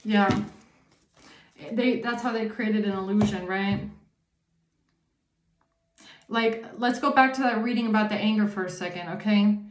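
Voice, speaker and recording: A woman's voice: mid-range voice, a little slow, long pauses, echoey room, slight background noise. A woman giving a casual tarot reading, talking emphatically, swearing often and checking in with the listener. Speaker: tarot reader.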